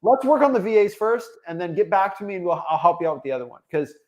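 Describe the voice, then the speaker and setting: Brief: higher-voiced man from Florida, upbeat, talkative coach on a call. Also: very animated, quick pace. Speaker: host and coach.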